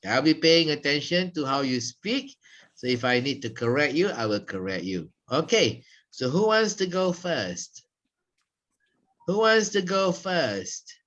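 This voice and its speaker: Guy teaching public speaking, high bright voice, slow and deliberate, kinda muffled recording. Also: sing-song. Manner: explains slowly, demonstrates stress and tone with his voice. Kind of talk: classroom lecture.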